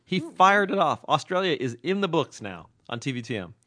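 A man hosting a podcast in casual, rambling chat, playful and quick to laugh. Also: a little high, big pitch swings, bright, forceful tone, dry recording, clean studio sound. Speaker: podcast host.

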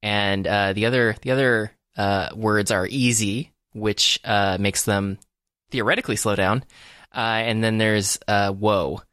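A man's voice: fairly low pitch, steady tone, measured pace, a bit bright, smooth, no room sound, studio quality. A man chatting casually on a podcast, rambling and wry, often chuckling between phrases. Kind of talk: casual chat.

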